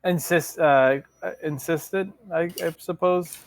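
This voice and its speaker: A man's voice: fairly high pitch, unhurried, slight background noise. Rambling man telling a story in voice chat. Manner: rambling, animated storytelling with restarts. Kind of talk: casual voice chat.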